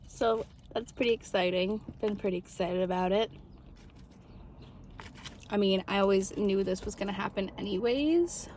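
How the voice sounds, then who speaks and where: A woman's voice: mid-range voice, normal speed, darkish tone, a little hiss or hum. A young woman in a casual vlog, chatting to viewers while eating through a big meal, rambling and easygoing. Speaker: mukbang vlogger. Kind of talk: casual eating chat to camera.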